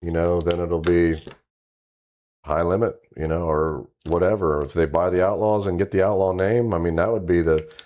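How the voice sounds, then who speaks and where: A tired man as a guest on a live stream, talking low-key and halting. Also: fairly even intonation, a little mellow, a little hiss or hum. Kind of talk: casual live-stream chat.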